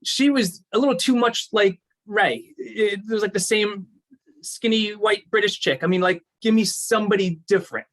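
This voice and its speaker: A man chatting casually about a movie, speaking haltingly with many restarts and fillers. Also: sits high, fairly bright tone. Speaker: movie club panelist. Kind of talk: casual chat.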